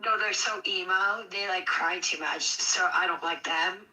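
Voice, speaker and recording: A woman's voice: lowish voice, a little slow, bright, forceful tone. A woman stuffy from allergies, speaking frankly and emphatically in a casual group voice chat. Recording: distant and echoey with faint noise.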